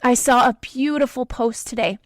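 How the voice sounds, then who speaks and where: Woman w a higher voice preaching self-worth on her podcast, emphatic, dry close sound. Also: moderate pace, no echo. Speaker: podcast host. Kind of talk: motivational talk.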